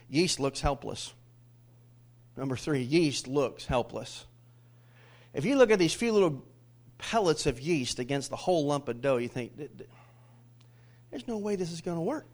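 A middle-aged male pastor with a slightly high voice preaches an animated sermon. He pulls the congregation into call-and-response, alternating loud declarations with hushed asides.

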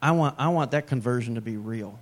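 A man's voice: medium pitch, a little fast. A middle-aged man preaching a sermon as a pastor, in a conversational way with joking asides.

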